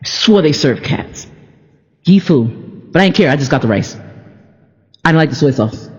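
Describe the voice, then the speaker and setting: A woman's voice: low voice, lively intonation, moderate pace, darkish tone, in a large hall, highs cut off. A woman vlogger in a casual faith monologue, rambling playfully and stammering through many restarts.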